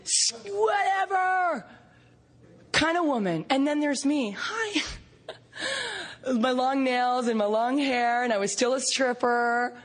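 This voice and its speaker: A woman from Canada giving an animated recovery meeting share, storytelling with laughs and acted-out quotes. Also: on the high side, normal speed, few pauses. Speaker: recovery fellowship speaker.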